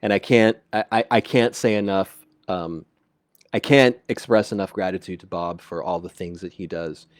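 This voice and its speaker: Man, deep voice, stammering local radio host, fillers and restarts, dry close sound. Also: normal speed, no room sound. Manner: reads out listener comments and gives shout-outs. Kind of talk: live call-in community chat. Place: at a home computer.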